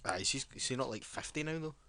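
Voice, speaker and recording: A man's voice: medium pitch, animated, quick pace, bright, forceful tone, a little hiss or hum. A young Scottish man co-hosting a podcast who talks bluntly, swears freely and laughs often. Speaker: podcast co-host. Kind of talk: casual wrestling banter.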